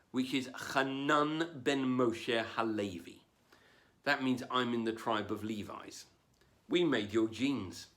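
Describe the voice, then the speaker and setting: A man doing a wry, self-deprecating stand-up comedy set from home, with no audience. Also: medium pitch. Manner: wry, self-deprecating delivery with put-on voices. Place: home, performing without an audience.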